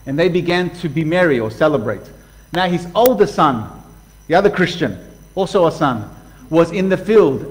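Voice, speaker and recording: A middle-aged man preaching a sermon in a lively, conversational way, reading scripture aloud and breaking in with his own comments. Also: sits high, rough recording.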